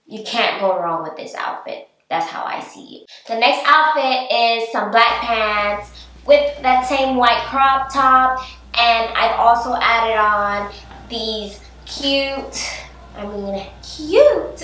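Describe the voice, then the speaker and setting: A woman's voice: fairly high pitch, a bit bright, far from the mic. A woman vlogger chatting casually through a clothing try-on haul, bubbly and talkative, laughing often. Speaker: fashion vlogger. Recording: echoey room, voice a bit off-mic.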